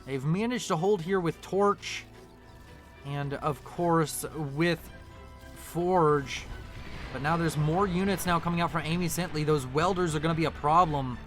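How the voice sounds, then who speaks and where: Casting a strategy game match, a man with a high-set, slightly bright voice and an unnamed non-local accent keeps up chatty commentary at an unhurried pace. Faint background music plays as he frequently corrects himself and says sorry for his mistakes.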